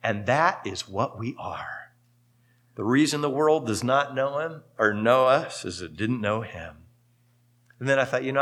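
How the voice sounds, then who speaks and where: Male pastor, sermon delivery, bright tone, lively storytelling swings. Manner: animated storytelling with sudden rises in pitch and volume.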